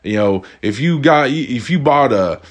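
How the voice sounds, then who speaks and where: Man, young adult, casual monologue, profane, animated, mid pitch. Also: a little slow. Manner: animated, profane, acts out quoted voices.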